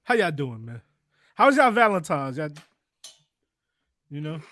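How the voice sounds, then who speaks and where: A man's voice: on the high side, very animated, unhurried, a bit bright, no echo. A man co-hosting a podcast in casual chat who teases and heckles the others playfully. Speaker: podcast co-host.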